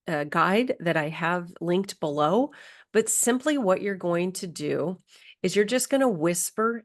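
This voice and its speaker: Middle-aged woman, kinda low voice, slow soothing healing coach vibe walking you thru affirmations. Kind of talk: guided somatic healing talk.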